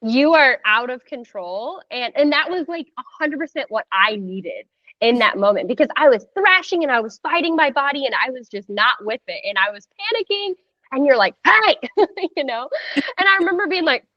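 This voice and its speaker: A woman in her thirties tells her story in a lively, chatty way, leaning on "like" and acting out what others said. Her voice sits on the high side. The recording is dry and slightly dull. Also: a little fast, dry recording. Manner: animated, heavy use of "like", acts out quoted voices. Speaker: podcast guest sharing a birth story. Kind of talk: casual conversational storytelling.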